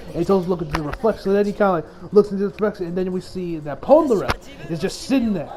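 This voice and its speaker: High-pitched male anime reviewer, loose and rambling, quick to laugh. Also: low-quality recording. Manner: rambling, frequent restarts, laughs often. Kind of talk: casual episode review.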